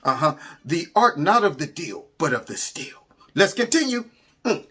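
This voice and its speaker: A man hosting his own show, giving casual, mocking commentary on memes with frequent laughs and sudden high exclamations. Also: sing-song, moderate pace, bright, forceful tone, slightly rough. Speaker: host of a commentary channel.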